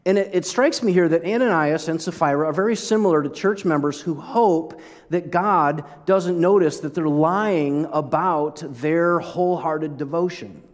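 Conversational preacher in a reverberant hall. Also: male voice, fairly high pitch, normal speed. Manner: conversational, animated, self-interrupting. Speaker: pastor. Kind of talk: sermon.

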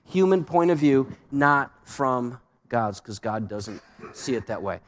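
A man's voice: mid-range voice, lively intonation, a little slow. Preaching man in a reverberant hall. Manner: asks rhetorical questions, varied emphasis. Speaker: pastor. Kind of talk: sermon.

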